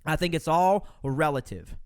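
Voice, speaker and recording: Guy from romania giving a pumped-up motivational podcast rant, high voice, swings up and down a lot. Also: lively intonation, moderate pace, clean tone. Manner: preachy, emphatic, addresses listeners as folks. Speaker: podcast host. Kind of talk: motivational monologue.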